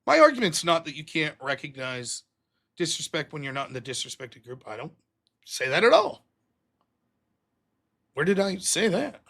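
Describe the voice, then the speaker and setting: High, bright-voiced ranting man host. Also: moderate pace, vocal fry, pauses often. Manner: profane, berating and mocking; animated, swings between shouting and muttering. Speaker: live-stream show host. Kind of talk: ranting political commentary.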